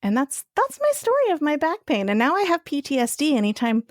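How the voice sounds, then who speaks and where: A woman co-hosting a podcast, telling a personal story in a casual, animated way and swearing freely. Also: high-pitched, a little fast, no echo, studio quality. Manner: animated, swears freely, acts out quoted voices. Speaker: podcast co-host.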